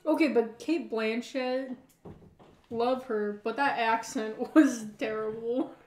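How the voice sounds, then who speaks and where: A woman's voice: on the high side, fairly even intonation, slow pace, darkish tone. A woman co-hosting a podcast in casual chat, giggly and laughing often. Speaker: podcast co-host. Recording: echoey room.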